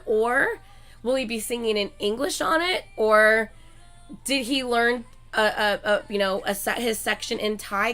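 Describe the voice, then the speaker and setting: A woman hosting her channel in a casual chat with viewers, excitable and gushing like a fan, swearing often and filling her talk with "like.". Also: fairly high pitch. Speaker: channel host chatting with viewers.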